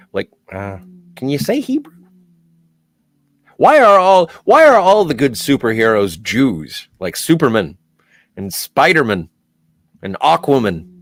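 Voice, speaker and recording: A man's voice: mid-range voice, no echo. A man from Southern Ontario hosting a casual livestream, reading viewer chat aloud with playful jokey asides. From Southern Ontario, Canada.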